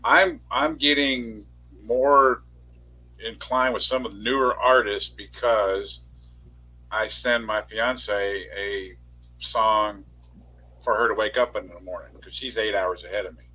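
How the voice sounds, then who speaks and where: Middle-aged guy rambling on in casual chat, kinda husky, bright tone. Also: on the low side, lively intonation, unhurried, rough recording. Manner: rambling, self-correcting storyteller.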